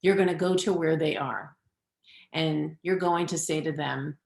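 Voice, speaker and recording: A middle-aged woman coach talks parents through advice in an earnest, advising way. Her voice sits fairly low. The webinar mic picks up an echoey room around her. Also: fairly even intonation, vocal fry, darkish tone. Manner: earnest, advising, shifting between quick and slow deliberate delivery. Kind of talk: webinar talk.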